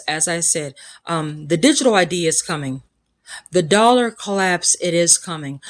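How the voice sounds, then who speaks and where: A woman hosting a spiritual podcast, speaking in a scornful, preachy monologue with emphatic repetition and a Black lilt. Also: mid-range voice. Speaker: podcast host.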